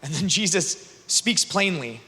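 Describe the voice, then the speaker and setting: A man's voice: a little high, unhurried, husky. A man speaking at a youth conference, retelling a scripture story with humor and acting out the characters. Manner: animated, joking, acts out characters. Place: large conference hall. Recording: long reverb of a large venue.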